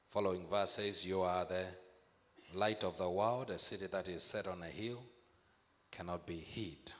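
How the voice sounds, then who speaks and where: A man preaching a sermon, emphatic, repeating phrases and slowing to stress key words. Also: sits low, fairly bright tone, big-room sound.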